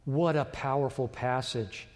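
A man preaching a sermon to a congregation, dramatic, rising loud and dropping to a hush. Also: medium pitch, a little slow. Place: church with a balcony. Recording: long reverb of a large church.

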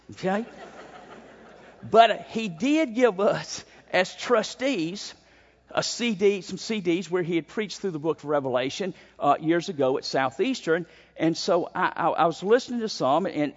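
A man preaching an expository sermon, emphatic, with frequent stumbling repeated starts. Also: high-pitched. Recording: dull sound in a long-reverb hall.

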